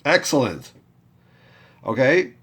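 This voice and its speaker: A man's voice: mid-range voice, big pitch swings, takes it slowly, fairly bright tone, breathy edge. A man teaching a step-by-step chanting lesson, patiently talking learners through each step and having them repeat after him. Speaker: Torah reading teacher.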